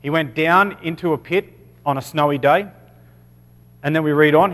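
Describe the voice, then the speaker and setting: A man with an Australian accent teaching from the Bible in a loose, chatty way, stopping often to check in and correct himself. His voice sits a little high. It rings out with the long reverb of a hall. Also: moderate pace, long pauses, a bit bright. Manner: casual, many "okay"s, self-corrections. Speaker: preacher.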